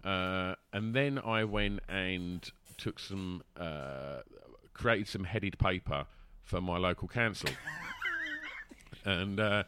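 A man's voice: sits low, slow, sharp tone, slight background noise. A man telling a long casual story, rambling with fillers and restarts and laughing as he goes. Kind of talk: casual anecdote.

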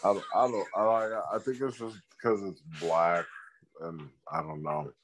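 A man's voice: fairly low pitch, measured pace, rough recording. A man co-hosting a podcast in casual banter, slangy and laid-back, often repeating his words. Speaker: podcast co-host.

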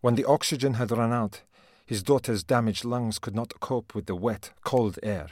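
A man's voice: medium pitch, moderate pace, darkish tone, no room sound, studio quality. A man reading a heartfelt first-person story as scripted narration, with an emotional manner. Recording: narration over music.

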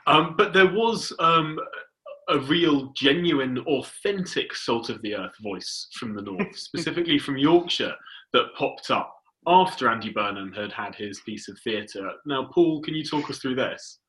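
A man's voice: medium pitch, animated, bright, forceful tone, low-quality recording. Dry-voiced male podcast host. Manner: measured, dry, with hesitant fillers. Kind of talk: casual political chat.

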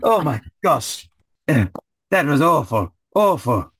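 A man's voice: medium pitch, very animated, takes it slowly, a bit bright, husky, dry recording, voice pushed up, exaggerated voice. A man voicing a melodramatic, shaken male ghost knight in a tabletop game.

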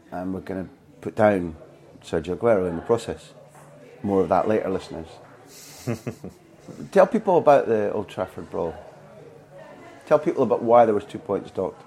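A man's voice: lowish voice, dark tone. A man from Scotland hosting an interview, asking long, probing questions in a conversational way. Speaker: podcast interviewer.

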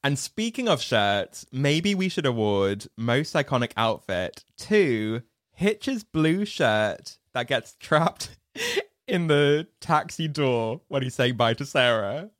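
Podcast co-host, very animated delivery that leaps up and down in pitch, dead-dry sound. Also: takes it slowly, dry recording. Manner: animated, enthusiastic, acts out scenes. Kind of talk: casual chat about a film.

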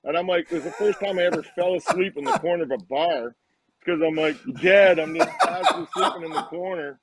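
A man in his fifties, a retired hockey player, telling lively anecdotes as a guest and acting out the lines people said. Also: on the high side, quick pace, crowd noise, low-quality recording. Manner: animated anecdotes, acts out quoted lines. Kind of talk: casual storytelling on a live show.

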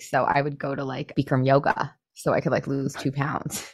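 A woman co-hosting a podcast in casual chat, talking fast and loose with lots of fillers and acted-out quotes. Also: a bass voice, little pitch movement, creaky, lo-fi sound. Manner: chatty, filler-heavy, acts out quotes. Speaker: podcast co-host.

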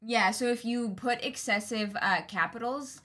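A woman chatting on a live book stream in a bright, clear voice. She sounds upbeat and casual, and she often trips over and restarts her phrases. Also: fairly high pitch, unhurried. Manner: upbeat, with frequent hesitant restarts. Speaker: co-host of a book club stream. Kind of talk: casual livestream chat.

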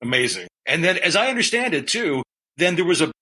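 A man's voice: a little high, sing-song, fairly quick, pushed and bright, breathy edge. A man hosting an interview, reacting with enthusiasm and asking questions. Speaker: interviewer, host.

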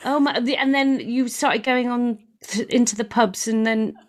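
A woman's voice: a little high, moderate pace. A woman co-hosting a casual chat, playful and joining in with mock narration.

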